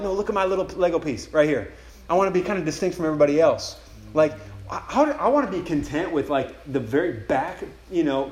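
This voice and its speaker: Young male campus preacher, quick and casual, echoey room with faint background hum. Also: a little high. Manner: casual, enthusiastic, talks in quoted inner prayers. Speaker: campus ministry speaker. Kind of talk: retreat sermon.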